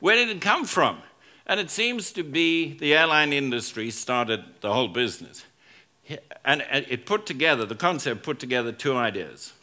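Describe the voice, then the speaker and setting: Bright, animated male keynote speaker. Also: mid-range voice, moderate pace. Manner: storytelling, acts out quoted lines, jokes with audience. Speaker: business school professor giving a conference talk. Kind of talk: humorous conference keynote. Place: conference stage before a live audience.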